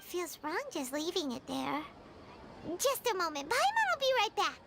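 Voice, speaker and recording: A woman voicing a tiny, nosy, excitable girlish companion in video game dialogue, with a squeaky, childlike voice. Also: moderate pace, gravelly, music in the background, full character voice. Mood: chatty.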